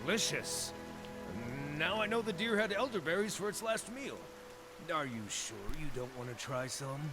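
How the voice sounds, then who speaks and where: A man's voice: a little high, animated, normal speed, lightly acted. An actor playing a small, eccentric male Orlan druid in a game, speaking with jovial, relishing good cheer about odd things. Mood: cheerful. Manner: jovial, relishing, playfully macabre. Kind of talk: game character dialogue. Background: game music.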